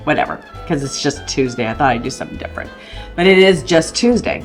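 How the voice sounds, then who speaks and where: A woman's voice: sits low, expressive, fast talker, soft background music. A woman co-hosting a casual morning show, chatting playfully about the day. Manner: playful and rambling. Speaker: co-host presenting the national day.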